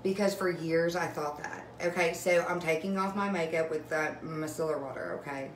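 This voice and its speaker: A young woman with a low-pitched voice gushes about skincare in an excited, emotional live chat. She is recorded on a phone mic in an echoey room at home, with a faint hiss behind her. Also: normal speed. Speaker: direct sales vlogger. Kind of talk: casual live video chat.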